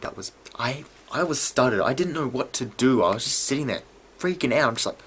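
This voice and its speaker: A man giving a casual video review of a TV episode, excitable and often stumbling over his words. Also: mid-range voice, a little fast, breathy edge. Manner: excitable, stumbling and restarting mid-sentence.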